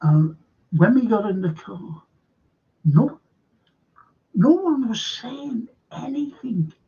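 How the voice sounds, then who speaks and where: A man rambles through a story for his live-stream audience, pausing and doubling back on his words. His voice is dark and husky with a gravelly rasp and sits fairly high for a man. The sound is dull and lo-fi, like basic stream audio. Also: big pitch swings. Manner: halting, meandering, repeats words for emphasis. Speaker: host of a live-streamed current affairs show. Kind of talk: casual rambling storytelling to viewers.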